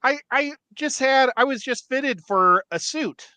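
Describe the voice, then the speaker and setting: A man's voice: very high voice, expressive, a little slow, sharp tone, clear, resonant tone, dry recording. A man in casual live stream chat, defending himself with a self-assured manner.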